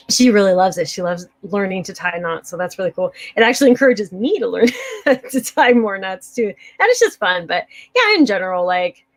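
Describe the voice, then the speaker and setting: A woman with a medium-pitched voice hosts a preparedness channel, responding to viewer comments in a casual, cheerful chat. She giggles often.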